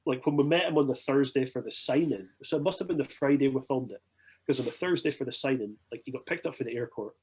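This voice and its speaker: A young Scottish man telling a long rambling story as a podcast guest, animated and swearing freely. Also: mid-range voice, fast talker, husky. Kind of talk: casual storytelling.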